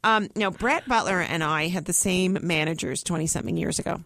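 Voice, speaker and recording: A middle-aged woman comedian in a casual interview, animated and joking, quick to laugh. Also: lowish voice, no echo, studio quality. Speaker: comedian guest. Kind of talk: casual chat.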